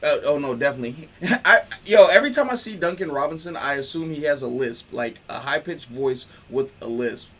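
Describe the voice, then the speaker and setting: A man hosting a casual sports talk stream, riffing in loose, slangy, animated talk. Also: a little high, fairly quick, few pauses. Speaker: host.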